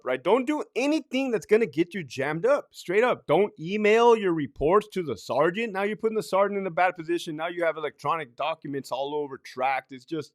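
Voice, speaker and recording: A man who used to be a correctional officer, giving blunt, profane advice in a casual talk and ending many points with "right?". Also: on the high side.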